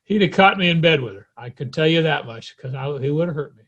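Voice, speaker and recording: A man with a fairly high voice speaks as a guest in a conversational interview. He tells personal stories in a reflective way and often chuckles at his own memories. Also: lively intonation, fast, a bit bright, husky, highs cut off.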